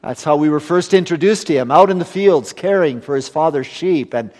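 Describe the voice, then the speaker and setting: A man preaching a sermon earnestly, building to emphatic lines and then dropping to a hushed close. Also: on the high side, brisk, big-room sound.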